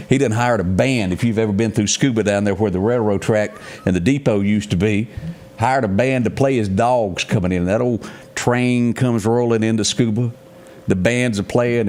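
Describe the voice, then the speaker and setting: A man's voice: fairly low pitch, moderate pace. A man from Mississippi with a Southern accent, a show host telling a folksy story. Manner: lively drawling storyteller.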